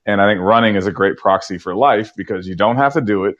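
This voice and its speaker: A man in his forties, a podcast guest telling stories in a relaxed way and acting out his own past lines with big jumps in pitch. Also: quick pace, highs cut off. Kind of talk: conversational storytelling.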